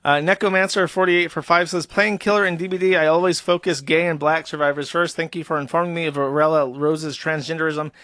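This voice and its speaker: A man with a somewhat high voice reads donation messages on a stream in a flat, offhand way. His asides often trail off into quiet mumbles. The sound is dry and close, with no room echo. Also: fairly quick, few pauses. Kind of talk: casual reading of paid messages with crude remarks.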